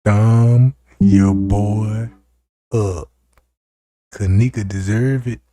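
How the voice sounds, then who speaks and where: A man's voice: on the low side, steady tone, drawn-out words, warm tone. A man hosting a live stream, talking to his viewers in a hyped, chatty way. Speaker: livestream host. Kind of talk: casual livestream commentary.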